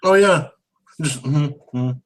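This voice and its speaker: A man's voice: on the high side, takes it slowly, low-quality recording. A man co-hosting a casual movie review, amused and rambling, often restarting his sentences. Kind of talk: casual chat.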